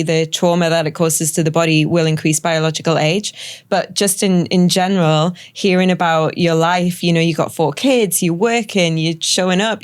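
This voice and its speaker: A woman calmly explaining health test results to a podcast guest in a reassuring way. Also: on the low side, smooth. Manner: calm, reassuring, explains at length. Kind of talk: explanatory conversation.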